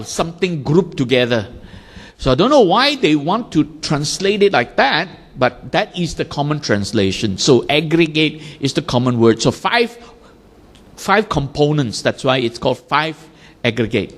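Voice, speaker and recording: This man's voice is a little high, and there's a long reverb tail around it. Teaching a Buddhist class, he makes ideas concrete with everyday examples and little acted-out quotes in animated voices.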